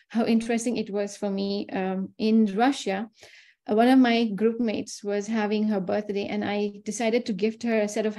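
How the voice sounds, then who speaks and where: A woman from India speaks in a webinar talk with a mellow, warm tone and a middling pitch. She tells her stories in a chatty way and slips into little voices for the people she quotes. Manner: chatty storyteller who acts out quoted dialogue.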